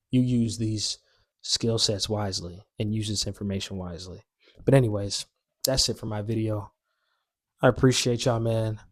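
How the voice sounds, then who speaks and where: A man giving direct, coaching dating advice straight to camera in a casual vlog, repeating his key points. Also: lowish voice.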